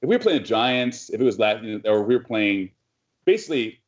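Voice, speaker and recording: A man's voice: medium pitch, a little fast, muffled recording. A man co-hosting a casual sports podcast, rambling and profane, telling stories with lots of energy. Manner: rambling, profane, animated storytelling. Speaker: podcast co-host.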